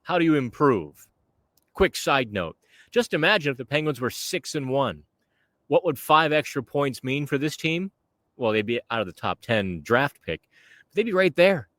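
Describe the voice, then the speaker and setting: A man's voice: fairly high pitch, fairly bright tone, no room sound. A man hosting a casual podcast outdoors by the water, talking chattily to the camera. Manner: chatty, conversational. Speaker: podcast host.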